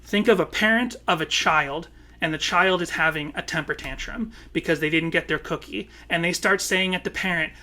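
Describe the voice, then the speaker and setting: A man's voice: on the high side, normal speed, pushed and bright. A man co-hosting a podcast, talking with passion and swearing freely in a long casual monologue. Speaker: podcast co-host.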